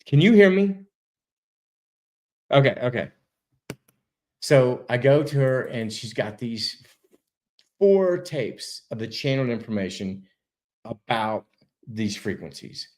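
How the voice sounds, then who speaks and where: A man's voice: medium pitch, slow, long pauses. A man telling a story as a guest, casual and laid-back, over a video call. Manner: animated, laid-back, says dude a lot, swears. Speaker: interview guest.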